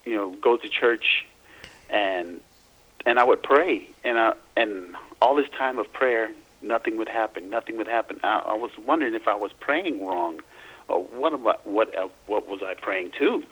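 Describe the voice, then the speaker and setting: A man from Louisiana, a guest in a casual phone interview, telling his story in a halting way full of restarts and repeats. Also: fairly low pitch, a bit bright, slightly rough, rough recording.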